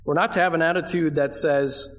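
Casting: man, fairly high voice, pastor delivering a sermon, chatty and emphatic. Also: fairly even intonation, fairly quick, fairly bright tone. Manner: conversational, asks the congregation questions; emphatic, leans on key phrases.

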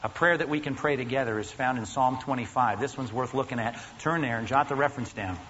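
Speaking fast in a medium-pitched, fairly bright voice, the pastor presses his sermon earnestly and emphatically, questioning the congregation along the way. The lo-fi recording from the church sanctuary sounds dull, echoing through a big hall with faint noise.

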